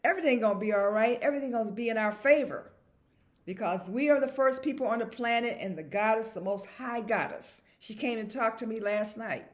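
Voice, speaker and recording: A woman's voice: on the high side, brisk. A woman vlogger talking to camera in a casual monologue, emphatic and repetitive and chuckling at herself.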